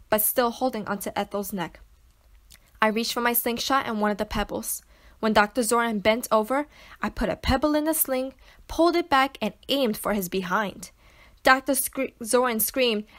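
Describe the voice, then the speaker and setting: A woman reads a children's novel aloud for a class of young students. Her voice sits a little high, and she tells the story with expressive, lively storytelling. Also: normal speed. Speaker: teacher reading to students.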